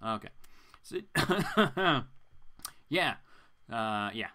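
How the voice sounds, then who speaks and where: A man's voice: medium pitch, lively intonation, normal speed, sharp tone. A man casually reading a comic book aloud with chatty, amused asides as host.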